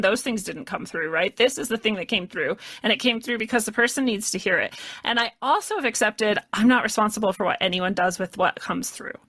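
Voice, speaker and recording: A woman speaking as a guest in a casual interview, measured and thoughtful, with light laughs. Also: mid-range voice, sharp tone, no echo.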